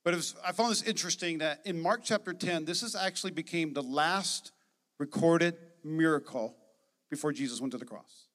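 A man with a high, bright, forceful voice preaches with energy and emphasis, throwing in joking asides to his congregation. His sermon rings out with a long reverb from the church sanctuary. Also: normal speed. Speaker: pastor.

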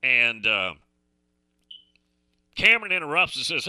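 A man's voice: medium pitch, lively intonation, normal speed, sharp tone, no echo. A middle-aged man hosting a radio talk show, telling a folksy story in a chatty way that repeats and restarts phrases. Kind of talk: casual storytelling chat.

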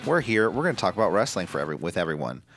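A man's voice: low-pitched, very animated, rapid-fire, fairly bright tone, faint music behind. A man hosting a casual wrestling podcast, playful and rambling, often stumbling over his words. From Ireland. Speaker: podcast host.

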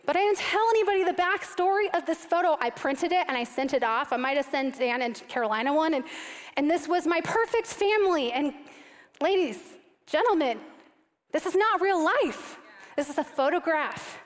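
A woman in her thirties giving a sermon, telling a self-mocking family story in an animated way before turning to scripture. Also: high-pitched, moderate pace. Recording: long reverb of a large hall.

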